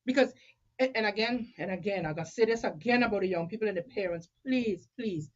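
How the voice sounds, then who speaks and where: A woman's voice: mid-range voice, quick pace, lo-fi sound. A woman in casual conversation, emphatic and opinionated, switching between English and French mid-sentence. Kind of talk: casual chat.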